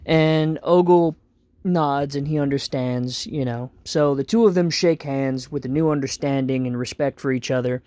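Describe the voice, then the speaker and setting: A man's voice: mid-range voice, darkish tone, no room sound, studio quality. A man narrating a tabletop game as game master, in a casual, rambling way with many fillers.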